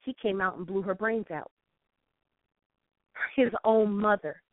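This call-in guest, a woman from St. Louis, USA, talks unhurriedly in a mid-range voice. On the phone-in show she tells a fervent story that includes quoted dialogue, heard over a tinny, dry line.

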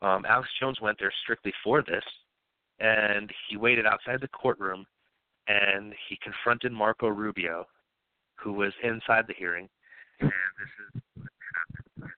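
Man on a tinny phone line, smooth voice. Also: fairly low pitch, measured pace, long pauses, dry recording. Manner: loose and profane, retelling news with laughs. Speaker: podcast host. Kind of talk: casual podcast chat.

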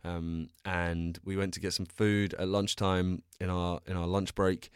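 On his solo podcast, a young English host tells stories in a loose, self-mocking, casual style, punctuated by bursts of energy. His low-pitched, clean voice holds a level tone and a measured pace, in a clean studio recording with no room sound.

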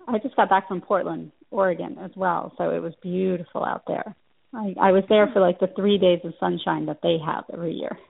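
A woman's voice: lowish voice, fairly even intonation, moderate pace, creaky, husky, no echo. A woman from Central Ohio, a nutrition practitioner, chatting as a guest in an interview and laughing often. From Central Ohio, USA. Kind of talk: casual interview chat. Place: New York City. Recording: tinny phone-like line.

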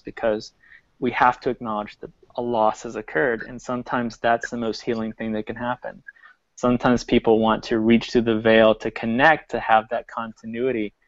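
A man's voice: medium pitch, no room sound. A man who works as a medium, speaking earnestly and reflectively in a casual group video call. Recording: dull lo-fi video call audio.

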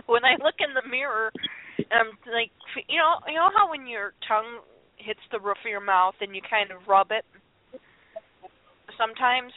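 A woman's voice: fairly high pitch, moderate pace, long pauses, no echo. A woman chatting casually as a podcast co-host, telling a long rambling story with frequent laughs and restarts. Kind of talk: casual chat. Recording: tinny phone-line audio, dry.

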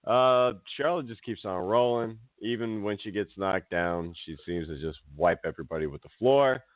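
A man co-hosting a casual wrestling chat, talking in an animated, rambling way and laughing often. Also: fairly low pitch, moderate pace, dry recording. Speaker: podcast co-host. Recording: dry, phone-like audio.

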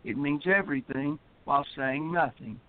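A man's voice: a little high, moderate pace, slight background noise. A man who is a poet and regular caller, chatting in a rambling, upbeat way. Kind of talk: casual chat. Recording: tinny phone line.

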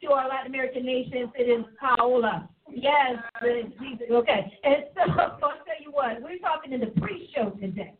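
A woman's voice: high-pitched, normal speed, few pauses, narrow, tinny audio. Woman hosting a live church-y show, preachy and laughing, sounds like it's over a phone. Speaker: host. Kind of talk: lively live show chat.

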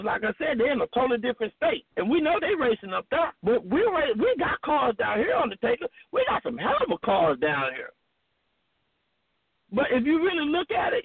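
A man talking on a phone-in show, animated and rambling, with lots of emphasis. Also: extremely high pitch, vocal fry, dry recording. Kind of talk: casual phone-in chat. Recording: tinny phone line.

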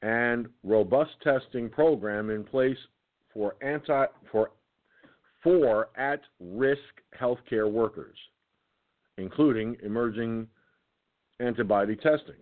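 A tired man hosting an internet radio show, reading a document aloud haltingly with his own comments, stumbling and restarting words. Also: mid-range voice. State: tired, keeps yawning. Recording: tinny phone-like line.

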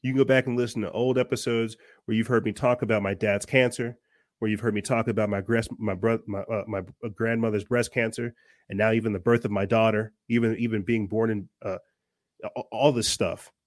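A man's voice: lowish voice, steady tone, brisk, no room sound, studio quality. A man hosting his own podcast, delivering an earnest, fiery, preachy monologue full of restarts. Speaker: podcast host. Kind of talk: impassioned monologue.

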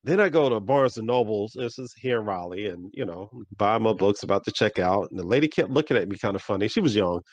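A man's voice: on the low side, animated, fast, hardly any pauses, no room sound. Storytelling man hosting a podcast. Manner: storytelling with repeated "right, right" and "I'm like". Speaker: podcast host. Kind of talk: casual podcast chat.

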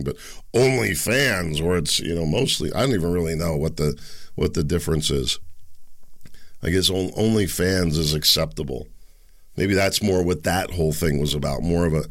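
A man with a low, gravelly voice delivers a solo political commentary. He rambles and speaks with sarcasm, stopping to mock the people he talks about. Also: fairly bright tone. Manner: rambling, sarcastic, mocks others in high sneering voices.

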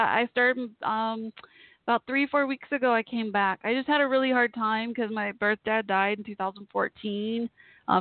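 A woman's voice: fairly high pitch, no echo. A woman hosting a live internet radio show, gushing and emotional, rambling as she talks. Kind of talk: casual live chat show. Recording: tinny phone-like sound, dry.

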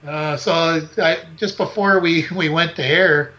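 A man's voice: on the high side, unhurried. A man co-hosting a podcast, telling a story in casual chat and acting out scenes. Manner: animated storytelling, acts out scenes. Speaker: podcast co-host. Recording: dull lo-fi podcast audio.

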